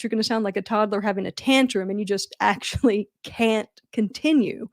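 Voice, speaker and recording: A middle-aged woman hosting a live advice Q&A on wedding speeches, chatty and animated, with self-deprecating jokes. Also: on the high side, dry recording, clean studio sound. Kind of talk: casual livestream advice.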